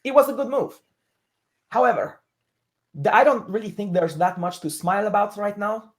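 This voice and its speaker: A woman guest on a sports podcast, giving her views in a measured, opinionated way. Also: mid-range voice. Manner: measured, opinionated, with military comparisons. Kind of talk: casual sports talk.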